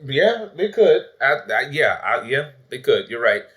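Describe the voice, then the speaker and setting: Male host, casual review chat, loose and profane, mid-pitched voice. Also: sing-song, measured pace, a bit bright. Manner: loose and profane, acts out quotes with laughs. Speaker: host of a movie review channel.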